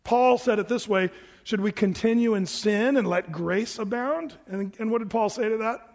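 A man with a high voice preaches to his congregation, animated and conversational, tossing in rhetorical asides. His voice carries a long reverb from the church hall around him. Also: moderate pace, gravelly. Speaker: pastor. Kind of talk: sermon. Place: church sanctuary.

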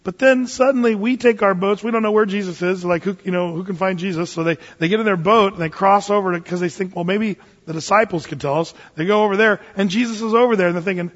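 Folksy male pastor, high husky voice, emphatic Bible teaching, muffled hall reverb. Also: quick pace, hardly any pauses. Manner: folksy, emphatic, chatty asides. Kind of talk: conversational verse-by-verse bible teaching. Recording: dull, echoey hall recording.

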